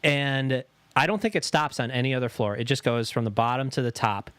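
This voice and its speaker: A man's voice: mid-range voice, a little fast, smooth, no echo. A man co-hosting a podcast, telling stories in casual chat, swearing often and acting out the voices of the people he quotes. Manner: profane, animated, acts out quoted voices. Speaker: podcast co-host.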